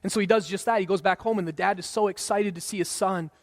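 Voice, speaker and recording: A man in his thirties preaching a sermon in a relaxed, conversational way, sometimes acting out what people say. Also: sits high, fast talker. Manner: conversational preaching, acts out quoted voices. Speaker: pastor. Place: church sanctuary. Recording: long hall reverb.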